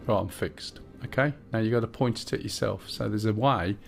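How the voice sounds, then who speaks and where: Over music, a man with a fairly low, slightly fast voice and some vocal fry streams a game. He chats casually, walks a teammate through the controls, and thinks aloud with plenty of fillers.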